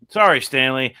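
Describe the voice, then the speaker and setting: A man's voice: medium pitch, sharp tone, clear, resonant tone. A man co-hosting a podcast, ranting bluntly and swearing constantly as he argues. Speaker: podcast co-host. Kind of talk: profane, heated ranting chat.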